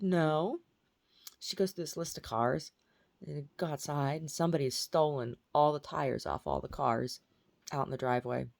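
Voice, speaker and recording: A woman's voice: low voice, steady tone, a little slow, vocal fry, pauses often, darkish tone. A woman telling about a strange dream in a casual vlog, rambling with many fillers and restarts. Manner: baby talk to her pet dog. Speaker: vlogger.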